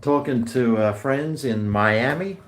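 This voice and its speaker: A man's voice: mid-range voice, slow, a little hiss or hum. A man hosting a casual call-in live stream, rambling and tipsy between shots. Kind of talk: casual chat with callers.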